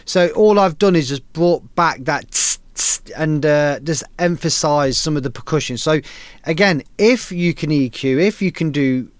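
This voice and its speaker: Laid-back guy, slightly high voice. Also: normal speed. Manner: laid-back, enthusiastic, slangy, swears casually. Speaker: host giving feedback on listeners' music tracks. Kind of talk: casual live-stream chat.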